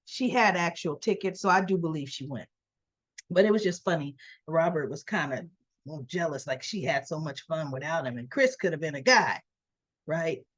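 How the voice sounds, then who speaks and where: A woman's voice: low-pitched, lively intonation, moderate pace, breathy edge, no echo. A woman casually recapping soap opera episodes, chatty and a little tired, retelling the scenes and asking her viewers questions. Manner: chatty, retells scenes by acting out the characters' lines; asks viewers questions directly.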